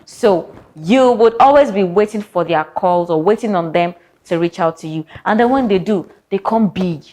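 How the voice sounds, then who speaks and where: A woman's voice: mid-range voice, lively intonation, normal speed, warm tone. Sassy woman therapist. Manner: sassy, playful, direct. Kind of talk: casual advice vlog.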